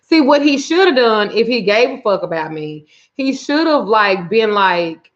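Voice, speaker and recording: A woman in a casual livestream chat tells a story, cursing constantly and sounding exasperated. Her voice is mid-pitched and animated, and she breaks off to thank viewers by name. The audio is a little dull and muffled. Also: measured pace. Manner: reads viewer names aloud. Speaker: spiritual reader and root worker.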